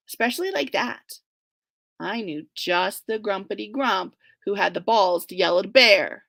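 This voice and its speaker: A woman guest author giving an animated, expressive reading from her own novel, with some whispered asides, over a video call. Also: mid-range voice, moderate pace, creaky, dry recording.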